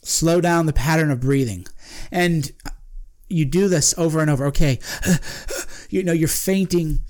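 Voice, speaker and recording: A man's voice: fairly high pitch, moderate pace, a little mellow. A man hosting a podcast, talking in a casual, emphatic monologue that often breaks off and repeats phrases. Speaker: podcast host.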